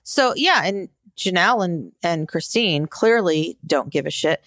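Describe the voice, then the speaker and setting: A woman's voice: fairly low pitch, animated, unhurried, fairly bright tone, no echo, studio quality. A woman co-hosting a podcast in casual chat, exasperated and sarcastic. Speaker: podcast co-host.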